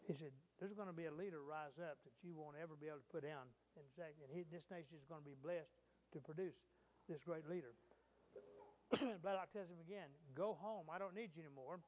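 A man's voice: on the high side, brisk, a little mellow, a little hiss or hum, poor audio. A man preaching a sermon, retelling a scripture story in a conversational way with frequent fillers and restarts.

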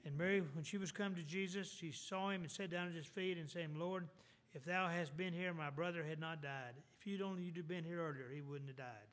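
A man's voice: on the high side, a little fast, a bit bright. A man preaching a sermon in a church, reading scripture and retelling it in plain, folksy talk.

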